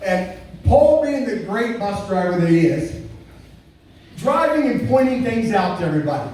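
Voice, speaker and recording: A man's voice: high voice, big pitch swings, unhurried, a little mellow. A middle-aged man giving a casual retirement roast speech, rambling through stories with stumbling restarts and chuckles. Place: indoor party venue. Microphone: phone camera far from the speaker. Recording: echoey, distant, faint room noise.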